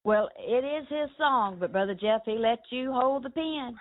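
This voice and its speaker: A woman's voice: a little high, normal speed. A woman hosting a radio morning show, affirming her guest with short remarks. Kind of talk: radio interview chat. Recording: tinny phone line.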